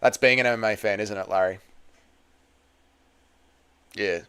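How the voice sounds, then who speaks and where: A man's voice: fairly low pitch, fairly even intonation, measured pace, sharp tone, clear, resonant tone. A man hosting a casual livestream, reading out chat messages and answering with crude, teasing banter. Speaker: livestream host.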